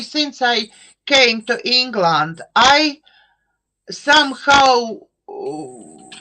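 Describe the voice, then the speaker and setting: Hosting a live online chat show over a video call, a middle-aged woman whose first language is Eastern European speaks slowly with a matching accent. Her fairly high, sharp voice searches for words through many fillers and restarts, and the recording quality is low.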